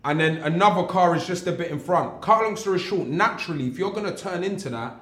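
A man's voice: high voice, quick pace, fairly bright tone. A young man, a guest animatedly telling a story in casual chat, full of slang and repeats. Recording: echoey room.

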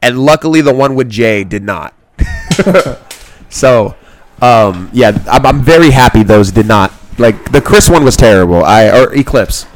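Animated man telling a rowdy story. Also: medium pitch, a little slow, slight background noise. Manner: animated, laughs often, swears, acts out both sides of stories. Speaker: podcast host. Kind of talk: casual storytelling chat. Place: small room, sitting on a kid's trampoline. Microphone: own mic close to a second mic.

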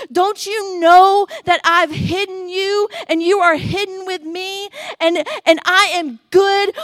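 A woman preacher voicing the Lord, speaking to a prophet in a hushed whisper that swells into emphatic pleading. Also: a little high, no echo, studio quality, close to an everyday voice. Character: the Lord, a male divine voice, gentle then commanding.

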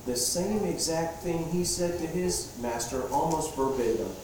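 Male pastor, conversational sermon, dark tone, far off the mic in a roomy hall. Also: on the high side, a little slow, slight background noise. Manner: relaxed, asks the congregation questions. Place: church hall with a congregation. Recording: echoey hall, distant mic.

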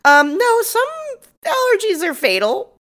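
Sarcastic young woman, very lively pitch. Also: a little slow. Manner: sarcastic, swears freely, laughs often. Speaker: podcast co-host. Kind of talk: casual recap chat.

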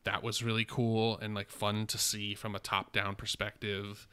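A man with a low voice and a bright, forceful tone gives his take on a film in relaxed podcast chat. He stumbles and restarts often but states his views frankly. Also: moderate pace, clean tone. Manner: hesitant, restarts, frank opinions. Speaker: podcast co-host. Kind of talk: casual film discussion.

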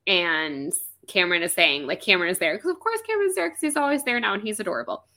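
A woman's voice: mid-range voice, quick pace. A young woman co-hosting a casual book podcast, chatting animatedly and acting out characters' lines. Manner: animated, acts out characters' lines with big swoops. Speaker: podcast co-host. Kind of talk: casual book-club chat.

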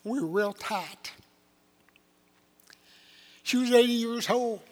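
An older pastor preaches in a folksy, earnest way, telling stories from the pulpit. His voice sits high for a man. It rings out through a reverberant church sanctuary. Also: slow pace. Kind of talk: sermon. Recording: long hall reverb.

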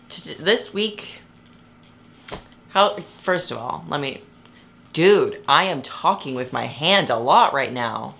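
A woman's voice: low-pitched, expressive, slow, vocal fry, pauses often, fairly bright tone, a little hiss or hum. A young woman hosting her own podcast from her bed, chatting casually and rambling, often interrupting herself and laughing. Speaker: podcast host. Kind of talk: casual chat. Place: bedroom, sitting on her bed.

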